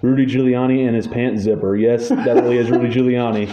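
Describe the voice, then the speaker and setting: A man's voice: mid-range voice, fairly even intonation, fast, dark tone. A man hosting a casual podcast, reading award nominees aloud with wry asides. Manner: reads lists, wry asides, chuckles. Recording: echoey room, dull lo-fi sound, faint noise.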